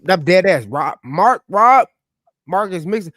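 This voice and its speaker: A man telling a story in casual podcast chat, loud and profane, animated, with sudden drops to mutters. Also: sits high, unhurried, no room sound, studio quality. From United States.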